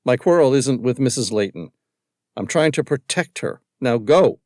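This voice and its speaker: A man's voice: mid-range voice, expressive, moderate pace, darkish tone, no room sound, studio quality, lightly acted. A man doing a curt commanding nobleman. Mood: urgent.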